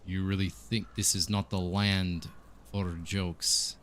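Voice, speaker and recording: A man's voice: low-pitched, flat delivery, slow pace, fairly bright tone. A man voicing a grieving, stern village priest in a tabletop game, mournful and rebuking. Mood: indignant.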